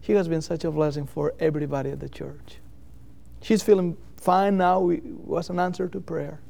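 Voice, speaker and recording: A man preaching a sermon in an earnest, halting way, repeating phrases for emphasis. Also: on the high side, fairly even intonation, gravelly, dark tone.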